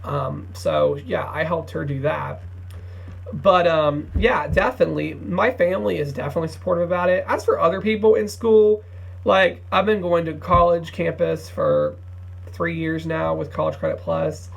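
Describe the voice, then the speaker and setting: On his couponing vlog, a sleepy late-teen from Ohio yawns his way through a rambling, casual chat packed with fillers and restarts. His voice is fairly high, gravelly, and husky, moving at a moderate pace.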